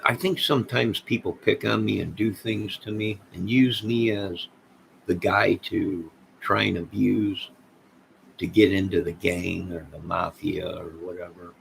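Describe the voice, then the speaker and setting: Gravelly-voiced man rambling to his chat. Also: low-pitched, steady tone, measured pace, a little hiss or hum, rough recording. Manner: rambling and conspiratorial, addressing his chat directly. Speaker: live streamer. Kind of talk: rambling late-night livestream talk.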